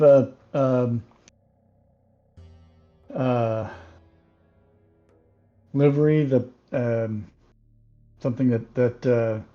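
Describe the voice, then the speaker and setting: A man playing a tabletop game, talking in a halting, stumbling way. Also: medium pitch, muffled recording. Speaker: player. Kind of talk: casual tabletop play.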